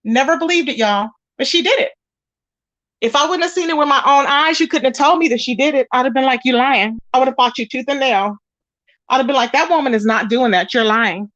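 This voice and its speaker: A woman with a high, bright-sitting voice spills online drama to her viewers in casual commentary. She tells it in an animated way and slips into the voices of the people she quotes. The sound is dry and close, with no room around it. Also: fast talker, dry recording, highs cut off. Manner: animated storytelling, acts out quoted voices, talks straight to viewers. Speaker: commentary channel host.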